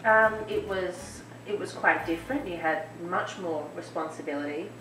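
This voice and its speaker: A woman's voice: fairly low pitch, normal speed. Laughing, chatty young woman, roomy distant sound. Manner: laughs often, relaxed and chatty. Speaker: guest dancer. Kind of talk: casual interview chat. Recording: echoey room from a distance with background noise.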